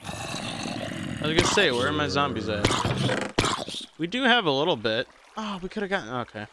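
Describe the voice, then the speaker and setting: A man live-streaming a game, chatting casually with viewers in a slow, drowsy, rambling way because he is tired. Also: fairly high pitch, big pitch swings, very noisy. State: tired, medicated.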